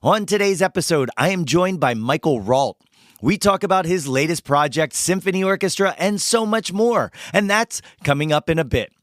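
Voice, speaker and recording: A man hosting a podcast with a hoarse voice after losing it singing, talking in a playful, hyped-up way. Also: on the high side, animated, moderate pace, no room sound, clean studio sound. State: hoarse, lost his voice. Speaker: podcast host. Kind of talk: casual podcast chat and ad reads.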